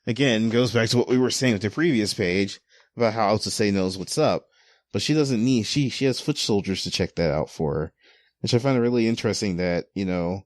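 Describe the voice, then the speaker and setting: A man's voice: fairly low pitch, a little fast, dry recording. A man hosting a casual podcast chat, rambling with lots of fillers and restarts as he talks through manga pages. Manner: rambling with many "you know" fillers and repeated restarts. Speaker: podcast host.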